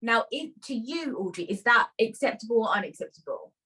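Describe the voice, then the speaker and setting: A young woman hosting a casual podcast, chatting and reading out listener letters in an expressive way. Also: fairly high pitch, a little fast, slightly rough. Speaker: podcast host.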